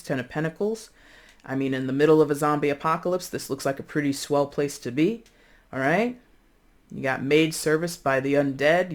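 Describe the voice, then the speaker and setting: A tarot reader giving a casual reading, chatty, who laughs often and keeps checking in with "right?" between playful asides. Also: medium pitch. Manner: playful asides, drops into mock voices.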